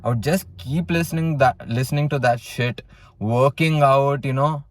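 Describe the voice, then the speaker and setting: A man's voice: mid-range voice, normal speed, no room sound. Blunt, swearing young man telling his story. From South India. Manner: blunt, heavy swearing, many fillers like "you know". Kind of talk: casual personal storytelling.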